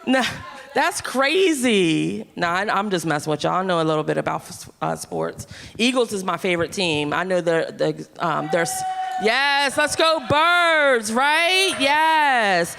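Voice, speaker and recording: A woman's voice: on the low side, expressive, measured pace, creaky, fairly bright tone, slight background noise. Philly woman emceeing a comedy night, playful teasing, voice ringing around the room. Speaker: comedy show host. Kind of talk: stand-up hosting banter. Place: comedy club stage. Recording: live club with long reverb.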